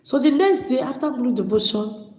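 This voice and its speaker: A woman's voice: high voice, animated, fairly quick, darkish tone. A middle-aged woman telling her own life story in an emotional monologue, close to tears at times. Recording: echoey room with long reverb.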